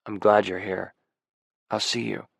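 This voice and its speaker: A laid-back, teasing man from Texas, as a male audiobook narrator puts him on, speaking low and unhurried with a gravelly edge. Each line comes out calm and sure of itself. The recording is close and dry. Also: no room sound, exaggerated voice. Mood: reassuring.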